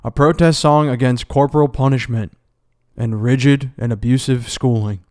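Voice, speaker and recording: With music playing behind him, a man with a steady, mid-range, slightly mellow voice talks at moderate pace in a dry, clean studio recording. He hosts a casual music reaction, chatting enthusiastically and musing aloud between songs.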